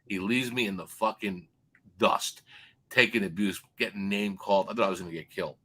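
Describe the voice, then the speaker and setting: A man's voice: fairly low pitch, steady tone, brisk, a little hiss or hum. A man on a sports betting show, telling a long, profane story and acting out the other people in it. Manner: loud, swearing, acts out quoted people.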